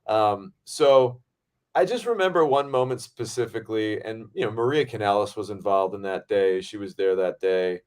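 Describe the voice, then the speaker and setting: A man with a fairly low voice chats on a podcast about his days on set. He talks in an excitable, animated way and swears freely as the story builds. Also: normal speed, smooth. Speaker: podcast host and film director. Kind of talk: casual storytelling chat.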